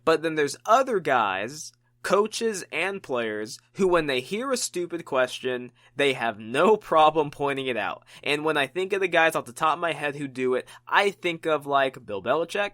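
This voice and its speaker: A man's voice: a little high, no room sound, clean studio sound. Opinionated male sports podcast host. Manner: opinionated, animated, frequent restarts. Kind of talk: solo sports commentary podcast.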